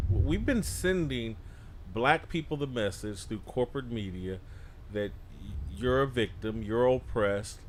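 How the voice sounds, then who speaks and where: A male guest commentator speaks at a middle pitch in a podcast studio. His opinions come out as emphatic, punchy declarations. He delivers them with firm conviction. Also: a little hiss or hum. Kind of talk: opinionated panel discussion.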